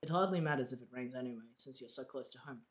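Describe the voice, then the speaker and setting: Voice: medium pitch, fast. A streamer reading a game aloud and chatting between the lines in a chatty, giggly way. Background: game music.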